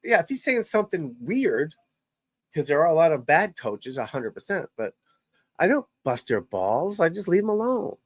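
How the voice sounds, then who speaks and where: A man's voice: a little high, very animated, normal speed, dry recording. An older man, a golf coach, hosting a casual live stream and talking bluntly and profanely, rambling from one thought to the next.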